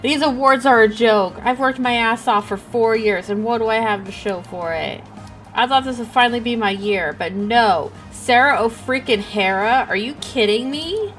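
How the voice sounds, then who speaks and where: A woman voicing a bitter young actress who rants in loud, indignant outbursts. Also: fairly high pitch, normal speed, soft background music, natural voice. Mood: furious.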